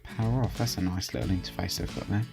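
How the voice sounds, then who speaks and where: Chatty young man with a low voice. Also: steady tone, fast talker, vocal fry, a little mellow, faint music behind. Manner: chatty, hesitant, many fillers and restarts. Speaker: channel host reviewing software. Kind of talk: casual screen-recorded commentary.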